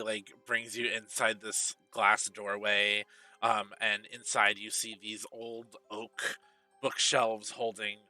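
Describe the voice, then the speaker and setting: A man's voice: fairly low pitch, sharp tone, no room sound, recorded from a distance. A man narrating a tabletop game as game master, describing scenes with many fillers.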